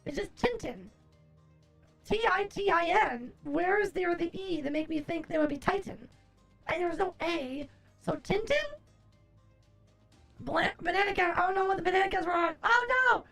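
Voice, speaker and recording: A woman streamer chatting casually, answering chat aloud, groaning, swearing and expressive. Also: very high-pitched, normal speed, creaky, pauses often, faint music behind. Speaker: livestreamer.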